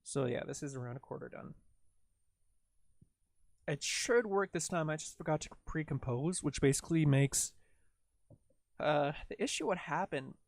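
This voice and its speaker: A man's voice: fairly high pitch, lively intonation, moderate pace, long pauses, no room sound. A man casually talking through his video editing on a livestream, rambling and jokey as he narrates each step. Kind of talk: casual live tutorial talk.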